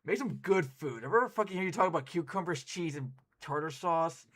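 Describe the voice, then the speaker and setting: A man streaming and chatting casually with his viewers, excitable and quick to laugh and swear. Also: fairly high pitch. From United States.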